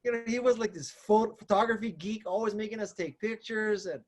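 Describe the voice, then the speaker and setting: A man in his fifties, appearing as an author guest on a podcast, speaks in a high-pitched, fairly quick voice. In this casual interview chat he jokes and laughs often, poking fun at himself.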